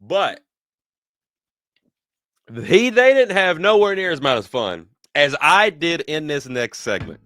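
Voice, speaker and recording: Bright, crisp-voiced man reviewing wrestling. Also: a little high, slow pace, pauses often, dry recording, clean studio sound. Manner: animated storyteller who acts out quotes, laughs often; repeats words and restarts mid-sentence. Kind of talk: casual wrestling review chat.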